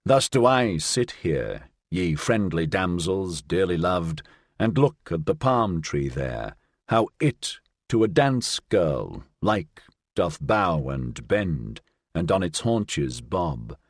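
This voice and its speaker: A man's voice: sits low, very animated, takes it slowly, no room sound, studio quality, voice pushed down, full character voice. A man reading the part of a wanderer's shadow who sings a mock-pious desert song with declamatory, swinging delivery. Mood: mock-tender. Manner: declamatory, swinging between hushed and loud exclamations. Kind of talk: dramatic audiobook reading.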